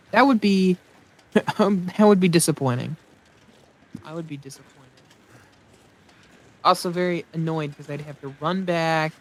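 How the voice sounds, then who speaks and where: A man with a fairly high voice talks through a survival game as he plays it. He rambles and thinks aloud, and he pokes fun at his own mistakes in a casual, self-mocking way. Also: a bit bright. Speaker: let's play host. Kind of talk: casual gameplay commentary.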